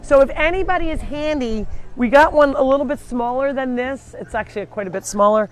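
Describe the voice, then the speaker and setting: A woman's voice: high voice, fairly quick. Chatty woman hosting a farm tour. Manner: chatty and rambling, talking to viewers as she walks. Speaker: farm sanctuary host giving a live tour. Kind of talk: casual live-stream tour narration. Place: outdoors on a farm, walking between animal pens.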